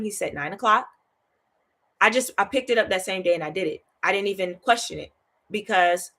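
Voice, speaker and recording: Speaking at a medium pitch, a woman hosts a casual Bible study. Her teaching is lively and conversational, punctuated by frequent laughter, repeated "right?" questions and phrases said twice for emphasis.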